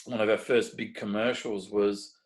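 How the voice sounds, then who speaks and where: A man's voice: fairly low pitch, moderate pace, rough recording. A middle-aged Australian man being interviewed, telling stories casually and animatedly, often restarting and acting out what others said. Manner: animated, restarts often, acts out quoted dialogue. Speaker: guest, make-up effects artist.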